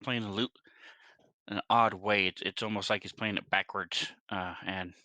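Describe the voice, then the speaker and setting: A low-pitched man with a very bright, tense voice describes his character's moves in the third person during a tabletop game. The sound is dry and close, with no room around it. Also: fairly even intonation, normal speed, no room sound. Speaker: player. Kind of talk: tabletop game play over voice chat.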